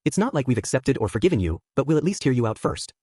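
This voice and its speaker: A man's voice: mid-range voice, very animated, fast talker, warm tone, breathy edge, no echo, studio quality. A man reading a blunt, wary young hero. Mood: guarded.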